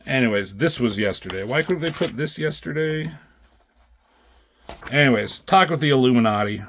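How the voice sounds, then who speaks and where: A man's voice: medium pitch, animated, moderate pace, fairly bright tone, a little hiss or hum. A man reviewing comic books in a loose, rambling way, swearing freely and often correcting himself. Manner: loose and profane, with many fillers and self-corrections.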